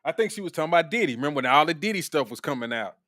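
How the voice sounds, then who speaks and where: A man's voice: on the high side, animated, rapid-fire, sharp tone, no room sound, studio quality. A man hosting a casual reaction commentary, blunt and profane, laughing often. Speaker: commentary host.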